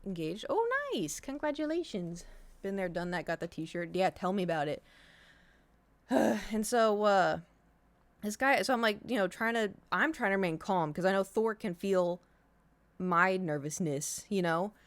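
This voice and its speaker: A woman's voice: mid-range voice, moderate pace. Chatty woman streamer telling a story. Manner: rambling storytelling with many fillers. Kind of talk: casual chat.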